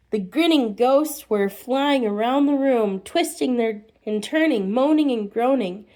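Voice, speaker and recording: A woman reads a spooky children's story aloud in an expressive storytelling voice. She reads slowly, with small slips and restarts. Her voice sits a little high. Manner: expressive, with restarts and muttered asides.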